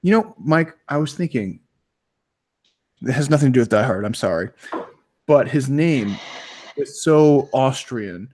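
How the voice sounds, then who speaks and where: A man co-hosting a casual webinar chat, animated and swearing freely. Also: normal speed, long pauses. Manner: animated, swears freely, pitch jumps high when making a point. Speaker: co-host.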